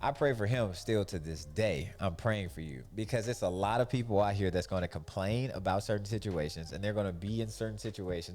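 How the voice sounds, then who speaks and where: A young podcast host with a fairly low voice gives a casual, faith-based monologue about keeping your peace. He tells stories in a loose, animated style, imitating the voices of those he quotes, while soft music plays faintly underneath.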